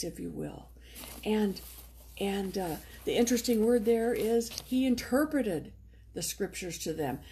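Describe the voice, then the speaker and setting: A woman preacher giving a sermon in a church, reading scripture and then retelling the story in a relaxed, conversational way. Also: medium pitch, slight background noise. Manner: conversational, retells story with lively voiced quotes.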